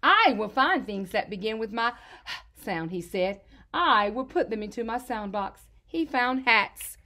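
A woman's voice: a little high, lively intonation, a little slow, pushed and bright. A woman teaching phonics to young children, reading a storybook aloud and praising them in an encouraging, sing-song teacher voice. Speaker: kindergarten teacher.

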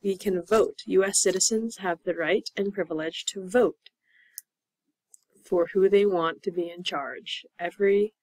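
A young woman teaching English as a second language, explaining slowly and patiently, repeating words and spelling them out. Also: fairly low pitch, no echo, poor audio. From United States. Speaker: ESL teacher. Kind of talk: slow, clear classroom explanation.

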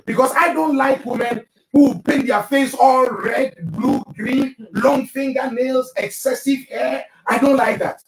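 High-voiced emphatic male pastor. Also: steady tone, a little slow, vocal fry, hardly any pauses, slight background noise. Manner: emphatic, preachy, addresses listeners directly. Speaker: pastor and marriage show host. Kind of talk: live broadcast marriage teaching. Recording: roomy, distant mic.

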